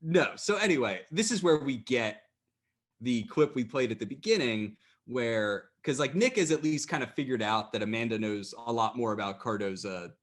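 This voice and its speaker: A man's voice: mid-range voice, animated, normal speed. A man co-hosting a casual rewatch podcast, recapping the plot with wry, dry jokes. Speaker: podcast co-host.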